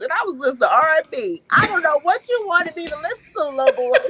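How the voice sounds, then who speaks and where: A woman, a podcast guest telling lively family stories and laughing often. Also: high voice, brisk, few pauses, low-quality recording. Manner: animated storyteller, laughs often. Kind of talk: casual podcast chat.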